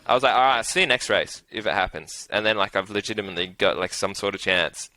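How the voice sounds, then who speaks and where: A man's voice: on the low side, quick pace, bright, forceful tone, low-quality recording. A young Australian man casually telling a betting story, rambling with lots of "like", swearing and laughs. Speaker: interview guest, punter.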